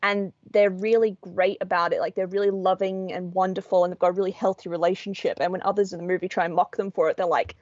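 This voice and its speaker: A woman's voice: lowish voice, fast talker, hardly any pauses, no echo, highs cut off. An Australian woman co-hosting a podcast, chatting casually and acting out voices in her stories. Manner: animated storyteller, acts out voices. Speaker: podcast co-host. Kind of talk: casual chat.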